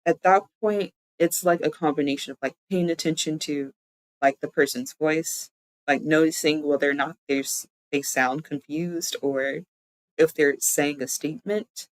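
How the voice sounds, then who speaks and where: A streamer gives an unhurried, loose language lesson, filling explanations with "like" and revising words mid-sentence while thinking aloud. The pitch is middling with fairly even intonation, and the audio is poor, dry, and close, with no room sound.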